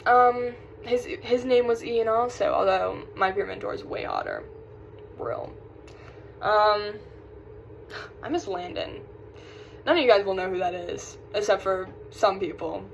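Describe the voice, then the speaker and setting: A woman's voice: mid-range voice, measured pace, a little hiss or hum, rough recording. A young woman from South Carolina with a light Southern accent, chatting casually in a vlog, rambling and often losing her train of thought. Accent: Southern American. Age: young adult. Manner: rambling, distracted, sighing. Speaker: vlogger. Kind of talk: casual chat.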